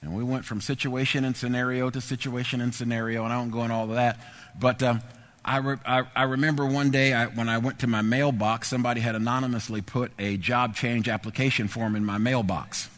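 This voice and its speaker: A man's voice: medium pitch, brisk. A middle-aged man preaching and telling a personal testimony, emphatic and repetitive. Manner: emphatic, repetitive, animated storyteller. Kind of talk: sermon testimony storytelling. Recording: echoey hall reverb.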